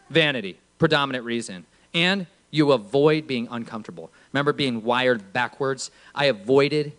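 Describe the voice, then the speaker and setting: A man preaching from a church stage, emphatic, swinging from low murmurs to shouts. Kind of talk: sermon.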